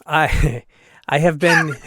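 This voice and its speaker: A man co-hosting a casual tech podcast with a fairly high voice. He rambles through fillers and restarts and laughs easily. The sound is dry and close, with no room in it. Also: very slow, sharp tone, dry recording. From Boston area. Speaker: co-host.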